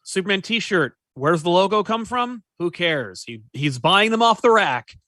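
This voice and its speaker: A man co-hosting a casual chat about comics, jokey and animated, often trailing off into asides. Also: high-pitched, unhurried, no echo, clean studio sound. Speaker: comics podcast co-host.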